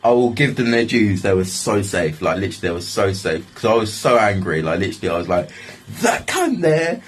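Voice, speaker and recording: A man's voice: low voice, fast, a little hiss or hum. A man telling a story in a loose, casual way, swearing freely and filling his talk with fillers.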